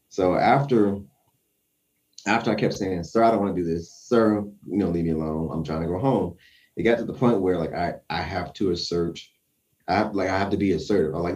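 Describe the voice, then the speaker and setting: A man casually telling a tense personal story, acting out his own quotes with lively shifts. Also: low-pitched, fairly quick, distant mic.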